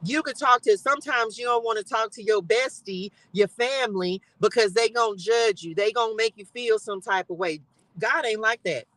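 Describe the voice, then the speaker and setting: A woman's voice: a little high, normal speed, fairly bright tone, dry recording, rough recording. A woman hosting a live stream from her car, giving fervent, repetitive faith encouragement with bursts of laughter. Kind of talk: casual spiritual encouragement talk. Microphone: live-stream device mic.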